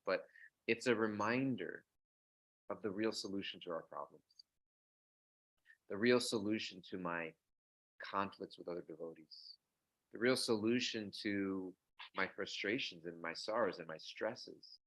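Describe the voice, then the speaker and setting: A man with a fairly low but bright, forceful voice gives a morning scripture talk. He speaks in a loose, conversational way, full of restarts and asides, and slips into character voices when he tells stories. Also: measured pace, pauses often. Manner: conversational storytelling, acts out voices in anecdotes. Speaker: teacher giving a morning scripture class. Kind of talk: sermon.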